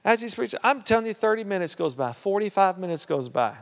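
A fairly high-voiced male pastor spins a story from the pulpit, talking casually with plenty of "uh" and "you know". The sound carries a long hall reverb, like a church sanctuary. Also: fast talker, vocal fry. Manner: conversational, lots of "uh" and "you know", grows animated. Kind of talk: storytelling sermon.

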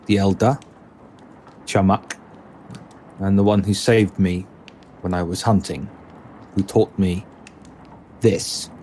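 A wary young shapeshifting druid from a tabletop role-play, picking each word slowly and carefully, as a man puts him on. His voice sits low, with a faint hum of room noise behind it. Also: steady tone, warm tone. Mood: earnest. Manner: slow, careful, halting speech.

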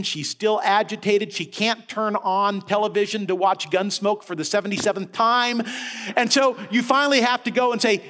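A man preaching a sermon as head of a senior-care ministry, telling a story with animated rises and falls. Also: sits high, normal speed. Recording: long hall reverb.

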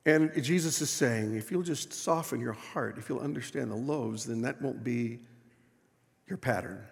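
A man's voice: mid-range voice, normal speed, vocal fry, husky. A middle-aged man preaching a sermon as pastor, telling stories in a conversational way and often turning to the congregation with questions. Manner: conversational storytelling, asks the congregation. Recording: echoey church hall.

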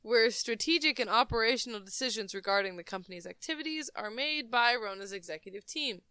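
A woman's voice: on the high side, animated, brisk, sharp tone, smooth, no room sound. A woman co-hosting a casual podcast, reading a news article aloud and breaking off with jokes and giggles.

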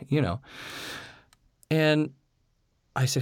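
Male host, filler-heavy storyteller, animated delivery, dry mic. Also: medium pitch, moderate pace, creaky, no room sound. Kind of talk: candid storytelling chat.

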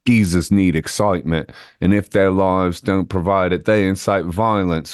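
A man's voice: low voice, fairly even intonation, normal speed, hardly any pauses, smooth, no room sound, studio quality. A man hosting an interview show, chatting in a playful, rambling way that jumps between tangents. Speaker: show host. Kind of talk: casual interview chat.

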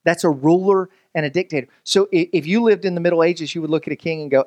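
A man preaches with a high-pitched voice, joking with the congregation as if chatting with friends. He backs up and restarts his sentences often as he works toward a point. The sound is dry and close, with no room echo. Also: fast talker, a little mellow, muffled recording. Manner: conversational, joking, many restarts. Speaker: pastor. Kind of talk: sermon.

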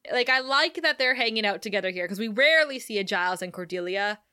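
A woman co-hosting a podcast, recapping a TV episode in casual chat, animated and laughing often as she acts out the quoted lines. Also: mid-range voice, fast talker, clean tone, no echo, studio quality.

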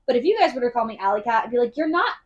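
A woman co-hosting a book podcast, chatting casually and retelling scenes with quick asides. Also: a little high, animated, a little mellow, highs cut off. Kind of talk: casual chat.

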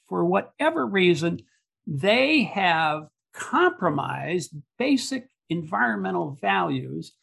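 A man's voice: high voice, creaky, a bit bright, breathy edge. A man, an environmental activist talking in a rambling, hesitant way with many fillers. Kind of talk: casual conversation.

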